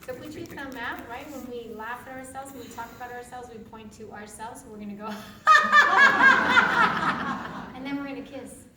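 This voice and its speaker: Woman teaching laughter yoga live, high-ish voice, picked up from a distance with noise behind. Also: fairly even intonation, fast, hardly any pauses. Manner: playful, laughs often, chants gibberish sounds. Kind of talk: live group demonstration. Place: large room with an audience. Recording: echoey room from far off, noisy.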